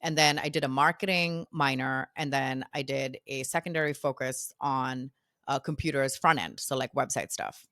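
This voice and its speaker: A woman's voice: a bass voice, moderate pace, no echo, clean studio sound. A woman in her thirties, a podcast guest, telling stories from her past and acting out quotes from herself and others. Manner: animated, quotes herself and others in lively voices. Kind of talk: casual storytelling interview.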